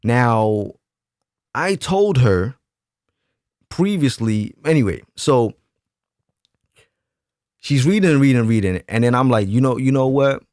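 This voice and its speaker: A man hosting his own channel tells a story to camera in a casual, slangy monologue, repeating himself for emphasis and acting out quoted arguments in changing voices. His mid-range voice has lively intonation and a darkish tone, delivered unhurriedly with long pauses. The recording is dry and studio quality.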